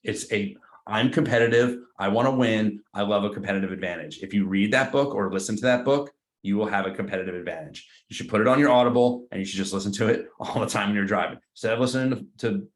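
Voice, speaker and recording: A man's voice: lowish voice, quick pace. A man leading a live training session for his team of agents, talking casually with slang and acting out both sides of phone calls. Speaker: real estate team trainer. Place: meeting room with a group. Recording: roomy echo.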